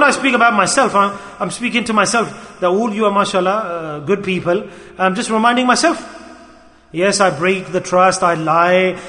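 A man preaching a sermon with passion, swinging between loud calls to the listeners and hushed asides. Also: high voice. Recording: echoey hall with long reverb.

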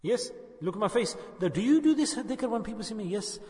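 Older guy preaching to his circle, keeps asking them questions, kinda high voice, roomy hall sound. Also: lively intonation, a little fast, darkish tone. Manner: rhetorical, keeps questioning the listeners, light humor. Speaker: shaykh leading a dhikr gathering. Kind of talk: informal sermon. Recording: echoey hall with long reverb.

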